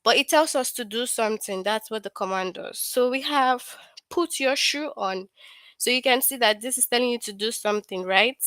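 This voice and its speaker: A woman's voice: on the high side, brisk, hardly any pauses, fairly bright tone, clear, resonant tone, no echo. A woman teaching a grammar lesson to young children, patient and questioning, often asking a question and then answering it herself.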